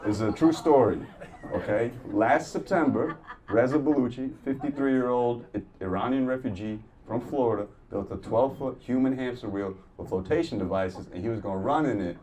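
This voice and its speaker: A man performing a stand-up comedy set, telling stories in a profane, animated way and acting out the people in them. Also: medium pitch, normal speed. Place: comedy club stage before a laughing crowd. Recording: distant mic, audible room noise.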